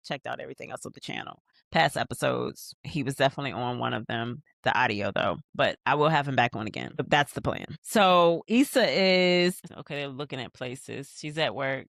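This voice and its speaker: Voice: mid-range voice, a little fast, gravelly, fairly bright tone, no room sound, clean studio sound. A podcast host giving a casual rewatch recap of a TV episode, chatting straight to viewers and reading out scene lines between asides.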